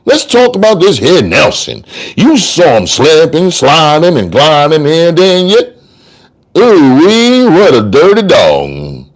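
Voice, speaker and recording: A man's voice: fairly high pitch, huge pitch swings, a little slow, long pauses, full character voice. A man voicing a street-smart male trial lawyer who argues in slangy, sing-song courtroom oratory. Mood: mocking. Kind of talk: dramatic audiobook reading.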